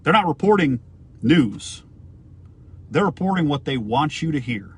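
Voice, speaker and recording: A man's voice: a little high, expressive, measured pace, husky. A man from the United States giving an emphatic opinion rant to camera, firing off rhetorical questions and swearing now and then. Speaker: vlogger.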